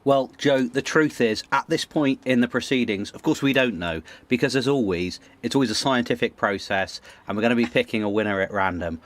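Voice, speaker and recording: A man's voice: mid-range voice, a little fast, few pauses. A man presenting a raffle draw on a live show, building it up in a playful, mock-formal way. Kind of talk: casual live-show segment.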